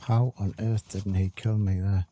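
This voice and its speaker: Man, deep and very mellow voice, chatty let's play commentary, self-mocking. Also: little pitch movement, a little slow, a little hiss or hum. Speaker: gaming channel host.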